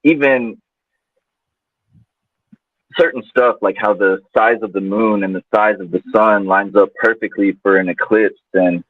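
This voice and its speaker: A man's voice: lowish voice, steady tone, unhurried, pauses often, husky, no echo. A man guest telling a personal story in a loose, casual way, full of fillers. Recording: tinny phone-like line, dry.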